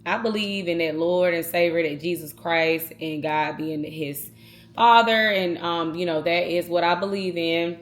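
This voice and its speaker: A woman talks to her viewers in a casual vlog. Her voice sits a little low, and she speaks earnestly and from the heart, addressing them directly. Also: steady tone, unhurried. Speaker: vlogger.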